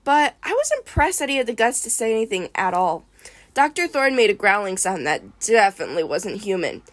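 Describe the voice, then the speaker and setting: A woman's voice: mid-range voice, sing-song, a little fast, no echo. Woman reading a novel aloud, dry sound. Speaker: reader. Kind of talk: audiobook reading of a first-person novel.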